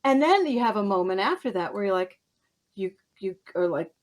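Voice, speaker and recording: A middle-aged woman hosting an interview, telling stories in a casual, animated way, laughing often and acting out what others said. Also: medium pitch, brisk. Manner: animated storyteller, laughs often, acts out quotes. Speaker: podcast host.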